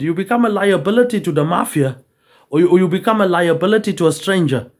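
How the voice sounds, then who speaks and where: A man's voice: sits high, lively intonation, quick pace, darkish tone. A man rambling on in a loose monologue, swearing freely and tagging almost every line with "mate".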